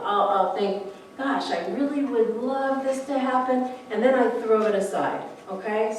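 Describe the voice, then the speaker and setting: A woman's voice: mid-range voice, slight background noise. Chatty woman preaching in an echoey hall. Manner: chatty, animated, acts out little quoted voices. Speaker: minister. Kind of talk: conversational sermon. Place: church hall. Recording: echoey hall, mic from a distance.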